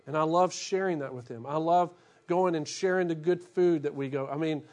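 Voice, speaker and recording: High-voiced pastor, joking sermon. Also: male voice, moderate pace. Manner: humorous, animated storytelling with acted-out asides. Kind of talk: conversational sermon.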